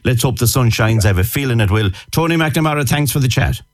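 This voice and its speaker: A man's voice: medium pitch, expressive, quick pace, no room sound. A man with an Irish accent presenting a live radio show from an outdoor event, chatty and enthusiastic. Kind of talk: live outside broadcast chat. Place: outdoors at a live outside broadcast.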